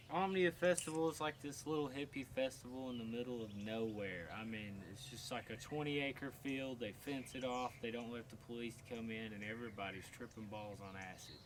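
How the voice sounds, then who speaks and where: A tower climber, telling stories in a casual, profane, animated way. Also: male voice, medium pitch, moderate pace, background noise. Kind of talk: casual storytelling.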